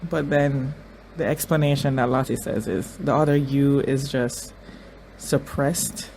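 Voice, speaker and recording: Give me a speaker doing casual commentary while watching a TV episode, excitable and quick to repeat words like "okay, okay" as the scenes unfold. The voice sits at a middling pitch, and a faint hum runs underneath. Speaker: TV reaction host.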